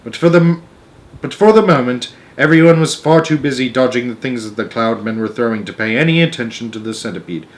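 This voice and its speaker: A man reading a children's book aloud as storyteller, expressive with varied pacing. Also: medium pitch, fast talker, few pauses.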